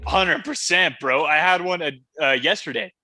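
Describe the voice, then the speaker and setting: A young man co-hosting a podcast in a relaxed, joking, drawling way. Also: a little high, normal speed. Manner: laid-back, joking, drawling. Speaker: podcast co-host. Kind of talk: casual chat.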